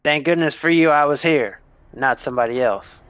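Gruff scolding guard, done by a male game master, louder and higher than normal. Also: moderate pace, lightly acted.

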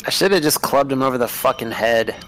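A man's voice: medium pitch, brisk, a bit bright, poor audio. A man playing a tabletop game, blunt and swearing freely. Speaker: player. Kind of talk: casual tabletop play.

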